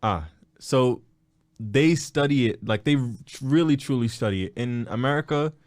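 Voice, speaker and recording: A man's voice: mid-range voice, normal speed, no room sound, studio quality. A young man co-hosting a podcast, chatting casually, joking and laughing as he acts out quoted voices. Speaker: podcast co-host. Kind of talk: casual chat.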